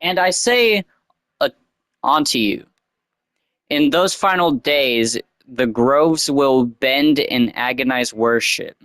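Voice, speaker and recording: A man putting on the slow, grave voice of a cult prophet reading scripture. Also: medium pitch, fairly bright tone, no echo. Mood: solemn.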